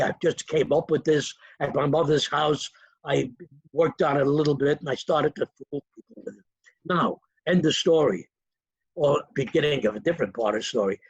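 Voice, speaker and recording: A man's voice: fairly high pitch, moderate pace, slightly rough, no room sound, lo-fi sound. An older man, a magician being interviewed, telling stories from his past and acting out the people in them. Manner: animated, acts out quoted voices. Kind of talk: anecdotal storytelling.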